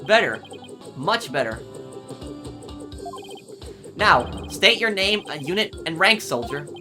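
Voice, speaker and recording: A woman's voice: on the low side, big pitch swings, takes it slowly, over music. A woman voicing a boy who plays a blustering drill sergeant through a drone, barking orders in a bossy military drawl.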